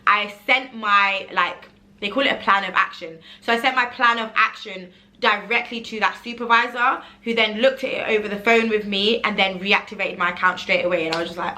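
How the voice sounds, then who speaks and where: Bright, animated woman telling a story. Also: medium pitch. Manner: animated, acts out her own quoted pleas, says like a lot. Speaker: online seller and vlogger. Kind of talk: casual storytelling vlog.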